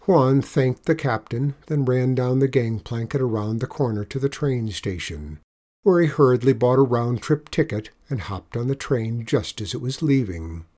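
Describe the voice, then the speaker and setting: Man narrating a storybook, gentle and measured, medium pitch. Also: expressive. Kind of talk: storybook reading.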